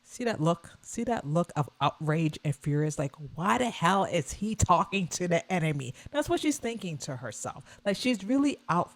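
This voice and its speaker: A woman vlogger giving casual reaction commentary on a video, animated and scornful, repeating her points. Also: fairly low pitch, moderate pace, hardly any pauses.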